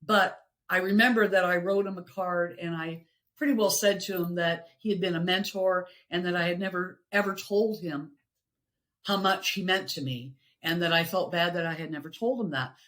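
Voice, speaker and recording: A middle-aged woman, a podcast guest, sharing personal stories in an earnest, reflective way, with pauses and restarts. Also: on the low side, steady tone, fairly bright tone.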